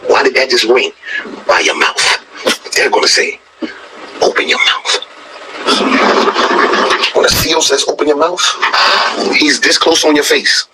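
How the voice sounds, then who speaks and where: A man's voice: medium pitch, background noise. A man hosting a reaction video, telling a story in blunt, profane, scoffing casual commentary.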